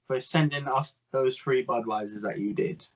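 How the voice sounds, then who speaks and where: A young man, co-hosting a casual football chat in a measured, analytical way with some exasperation. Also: medium pitch, background noise. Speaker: co-host.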